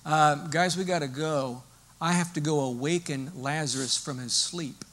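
A preacher voicing a gentle, reassuring teacher who speaks in a casual, friendly way. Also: male voice, fairly high pitch, moderate pace, close to an everyday voice. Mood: calm.

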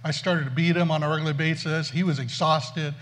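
A man tells a funny story from the pulpit and pokes fun at himself. He keeps it animated, and his voice sits a little high and swings widely. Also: a little fast. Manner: animated, self-mocking storyteller. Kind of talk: storytelling sermon.

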